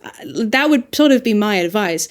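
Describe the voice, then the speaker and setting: Woman dialect coach chatting on a podcast, mid-pitched, thinks out loud, gets emphatic. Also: moderate pace. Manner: thinks aloud, lively and emphatic. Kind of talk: casual podcast discussion.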